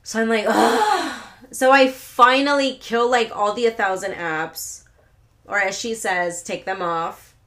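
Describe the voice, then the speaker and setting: A woman's voice: mid-range voice, steady tone, measured pace, bright, forceful tone. A young woman hosting a solo podcast, telling rambling stories with lots of swearing and laughing asides. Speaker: podcast host. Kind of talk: casual solo podcast storytelling.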